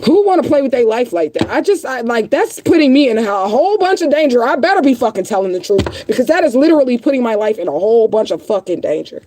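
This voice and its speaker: Very animated and talking quickly with few pauses, this vlogger has a fairly high, warm voice. Upset and on the verge of tears, she rants bluntly at her livestream viewers, swearing heavily and repeating lines for emphasis.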